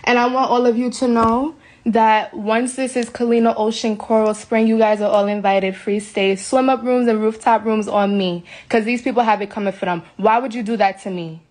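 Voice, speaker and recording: A woman's voice: on the high side, fairly even intonation, normal speed, hardly any pauses, darkish tone. An upset, shaken woman from the United States vents to her followers in a live video from a hotel room. She talks emphatically into her phone and repeats herself. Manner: emphatic and repetitive, venting. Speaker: vlogger speaking to her viewers.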